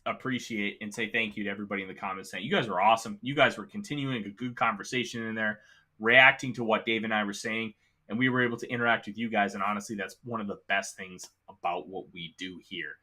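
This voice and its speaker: Male sports podcast host with the hiccups, bright and forceful, emphatic and opinionated. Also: lowish voice, breathy edge. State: has the hiccups. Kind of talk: casual sports talk.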